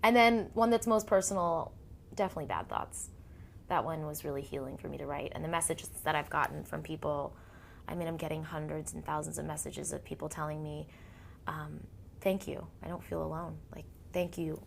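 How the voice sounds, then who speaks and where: Animated woman telling stories. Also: low voice, fairly quick, creaky, a little hiss or hum. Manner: animated storyteller, acts out quotes, laughs often. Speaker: interviewee, singer-songwriter. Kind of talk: casual interview storytelling.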